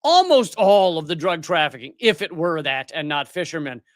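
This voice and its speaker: A man's voice: a little high, sing-song, moderate pace, dry recording, studio quality. A middle-aged man hosting a live political commentary show, ranting in a heated, sarcastic and mocking way. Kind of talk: live commentary rant on news clips.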